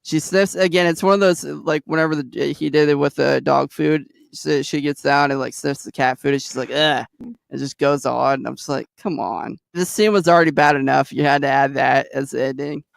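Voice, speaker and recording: A man co-hosting a podcast, recapping a movie in casual chat, animated and laughing often. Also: fairly high pitch, brisk, gravelly, clean tone, dry recording, studio quality. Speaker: podcast co-host.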